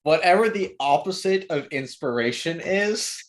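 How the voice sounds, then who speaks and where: A man's voice: fairly high pitch, lively intonation, a little slow, fairly bright tone, a little hiss or hum. A man playing a tabletop game, joking brashly with the table. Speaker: player.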